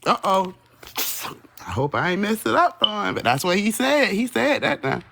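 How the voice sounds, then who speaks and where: A woman with a husky, slightly breathy voice hosts a live stream from her phone. She rambles loosely and swears freely. She talks straight to her chat in a mid-pitched voice. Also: very animated, normal speed, fairly bright tone.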